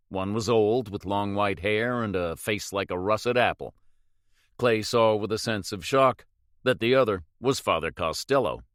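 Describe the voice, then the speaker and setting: Low-voiced man narrating a thriller audiobook. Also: a bit bright, no echo, clean studio sound. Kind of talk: scripted narration of a thriller novel.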